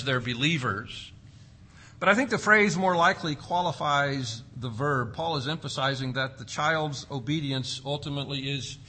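A man preaching a sermon, swinging between loud emphasis and hushed, quiet drops. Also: a little high. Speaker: pastor.

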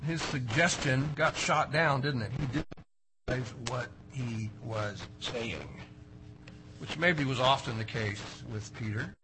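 A male pastor preaching a sermon, swinging between loud emphatic phrases and quiet asides. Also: mid-range voice, a little hiss or hum, poor audio.

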